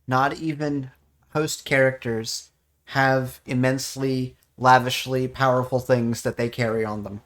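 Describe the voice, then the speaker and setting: A player giving a casual live walkthrough of a game, relaxed and hesitant, with frequent ums and restarts. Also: mid-range voice, a little slow.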